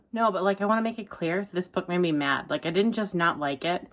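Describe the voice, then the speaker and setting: Woman, book vlogger, low-ish voice, dry deadpan delivery tipping into ranting. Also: a little fast. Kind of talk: casual reading vlog.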